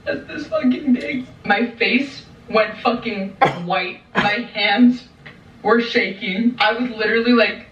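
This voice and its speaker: A woman's voice: on the high side, slow pace, fairly bright tone. A young woman telling a dramatic story vlog-style, swearing a lot and mimicking the voices of others. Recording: roomy, distant, dull lo-fi sound.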